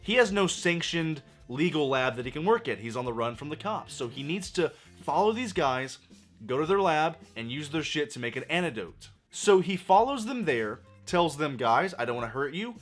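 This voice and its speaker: A hoarse man tears into a film with exasperated, profane emphasis. His voice sits a bit high for a man. Soft music runs behind him. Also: big pitch swings, normal speed. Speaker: movie reviewer. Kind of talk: ranting film review.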